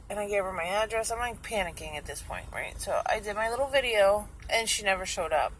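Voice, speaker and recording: A young woman vlogging casually, retelling a story in a chatty, animated way and acting out what people said. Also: mid-range voice, a little fast, few pauses, a little hiss or hum, poor audio.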